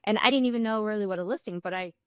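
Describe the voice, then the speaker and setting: A woman's voice: medium pitch, very fast, clear, resonant tone, no echo, studio quality. A woman, a real estate coach, talking candidly in an interview and often acting out what people said. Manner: candid storytelling with frequent restarts, acts out quoted dialogue. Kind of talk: casual interview conversation.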